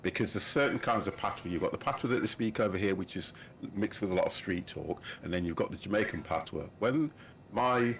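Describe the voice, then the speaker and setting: A man's voice: low voice, slight background noise. A man in his fifties hosting a livestream, chatting casually and laughing often as he sets up a flight game. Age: 50s. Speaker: livestream host. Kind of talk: casual chat while gaming.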